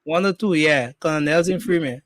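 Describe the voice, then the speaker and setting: A man's voice: fairly high pitch, fairly quick, fairly bright tone. A man co-hosting a casual political talk show, answering hesitantly with fillers.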